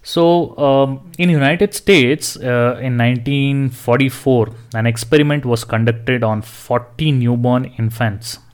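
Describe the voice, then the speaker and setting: A man's voice: medium pitch, unhurried, few pauses, smooth. A man hosting a solo podcast, giving earnest advice with some restarts and fillers. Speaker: podcast host.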